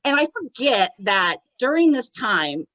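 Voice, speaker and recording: A woman podcast co-host recapping a show in casual chat, an animated storyteller. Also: on the high side, measured pace, rough recording. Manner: animated storyteller, acts out quotes.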